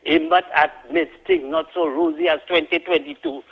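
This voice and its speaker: A man's voice: a little high, fairly even intonation, normal speed, husky. Heated Trinidadian man on a phone line. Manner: heated, indignant. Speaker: caller. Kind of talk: call-in radio rant.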